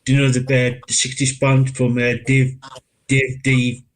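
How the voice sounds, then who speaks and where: A man's voice: medium pitch, monotone, measured pace, low-quality recording. A man hosting a live stream interview, speaking hesitantly with many fillers. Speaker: host.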